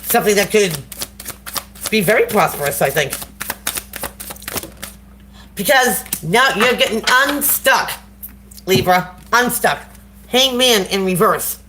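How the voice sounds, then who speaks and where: A woman's voice: medium pitch, lively intonation, slow, long pauses, bright, forceful tone, a little hiss or hum. A woman giving a casual live tarot reading to viewers on a phone, talking in a slangy, encouraging way. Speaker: tarot reader.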